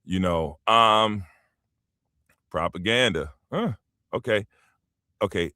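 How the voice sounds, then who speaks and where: A man's voice: fairly low pitch, takes it slowly, no echo, studio quality. A man from the United States hosting his own show, rambling through casual opinion commentary and talking straight to his listeners. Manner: animated, rambling, emphatic, addresses listeners directly. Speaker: show host.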